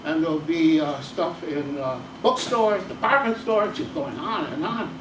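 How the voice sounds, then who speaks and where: A man voicing a woman teacher colleague who persuades in a calm, measured way. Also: sits low, background noise. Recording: echoey room, distant mic, faint ambience.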